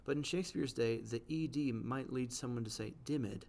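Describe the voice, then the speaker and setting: Gravelly-voiced man explaining poetry. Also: medium pitch, a little mellow. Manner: explanatory, reads quoted verse slowly, frequent "right?" checks. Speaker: teacher.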